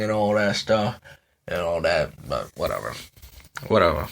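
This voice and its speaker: A man's voice: lowish voice, big pitch swings, normal speed. Sleepy guy ranting about sports on his podcast, kinda rambly, says stuff twice, yawns a lot. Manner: rambling, repeats himself, frequent um and you know. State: sleepy, yawning. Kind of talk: casual sports commentary rant.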